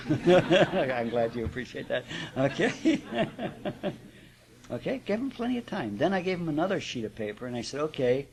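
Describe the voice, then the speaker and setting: A man's voice: fairly high pitch, sing-song, moderate pace, vocal fry, a little hiss or hum. A man giving a live spiritual class talk to an audience, speaking conversationally with rhetorical check-ins and chuckles. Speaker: spiritual teacher.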